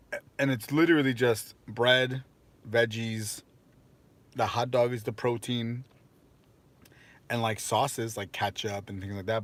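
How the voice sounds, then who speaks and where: A young American man chatting casually on a live stream, rambling and self-mocking, with lots of fillers. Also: medium pitch. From United States.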